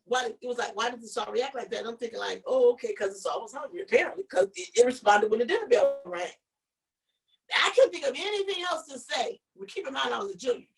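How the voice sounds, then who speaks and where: A woman co-hosting a casual live-stream chat tells a story with animation, stumbling over repeated words. Her slightly high voice sounds distant from the mic.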